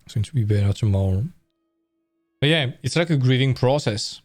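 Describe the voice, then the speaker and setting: A man's voice: medium pitch, lively intonation, a little fast, darkish tone, faint music behind. A tired man hosting an art stream, talking casually and correcting himself as he goes. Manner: rambling, self-correcting, conversational. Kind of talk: casual live-stream talk.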